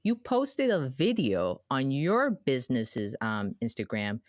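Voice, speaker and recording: A young woman hosts a casual podcast chat with a low voice that swings widely as she tells stories. The sound is dry and close, with no room around it. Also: slow pace, no room sound. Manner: animated storyteller, chatty. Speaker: podcast host.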